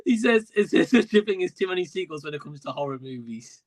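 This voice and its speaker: A man's voice: sits high, animated, fast. A man hosting a livestream, reading out viewer comments and laughing often. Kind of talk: casual livestream chat.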